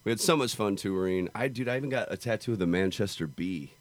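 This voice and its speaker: Man, young adult, deep low voice, laid-back, cussing, dry close-mic sound. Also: quick pace, dry recording. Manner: laid-back, profane, laughs easily. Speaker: touring country musician guest. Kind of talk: casual podcast chat.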